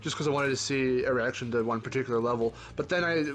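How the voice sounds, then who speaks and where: A man's voice: mid-range voice, quick pace, fairly bright tone. A man chatting casually and laughing often while streaming a game and reading chat.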